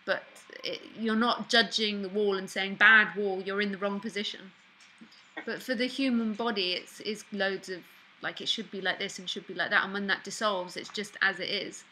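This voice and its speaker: Bright-voiced woman, playful teacher. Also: medium pitch, fairly even intonation, moderate pace, slight background noise, poor audio. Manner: laughs often, playful and direct. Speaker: spiritual teacher hosting a call-in talk. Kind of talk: casual spiritual dialogue.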